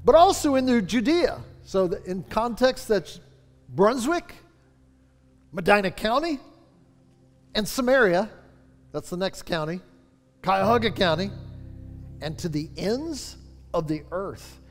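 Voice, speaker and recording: A man's voice: sits high, animated, slow, long pauses, faint music behind. A man preaching a fervent sermon as pastor, stretching out key phrases for emphasis. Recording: long reverb of a large hall.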